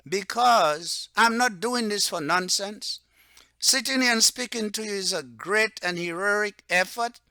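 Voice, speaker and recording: Man with Patois roots, self-styled religious leader, off-the-cuff monologue; smooth, dry close-mic sound. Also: sits high, bright, forceful tone, no echo. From Dominica. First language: Antillean Creole (Patois). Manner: rambling, repeats "okay?" and "right?", turns heated and slower when stressing points. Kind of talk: unscripted monologue to camera.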